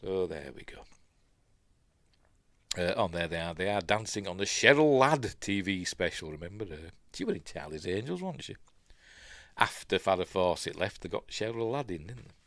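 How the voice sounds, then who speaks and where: A man's voice: low-pitched, expressive, normal speed, a bit bright, no echo. An older man with a Yorkshire accent, hosting a casual news live stream, rambling and reading chat comments aloud. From Yorkshire, England.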